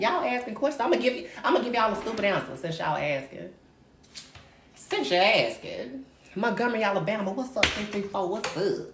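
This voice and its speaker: Hosting her own livestream, a woman with a medium-pitched voice and lively intonation rants at normal speed, brash, profane, and sassy, and calls everyone darling. The sound is roomy and echoey with faint noise.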